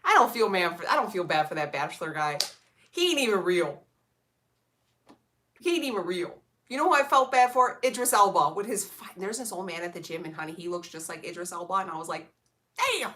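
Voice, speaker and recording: Bright-voiced sassy young woman vlogger. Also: lowish voice, quick pace, hardly any pauses. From Illinois, USA. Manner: sassy, blunt, lots of slang and swearing. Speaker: vlogger reading live chat. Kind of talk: casual live-stream chat.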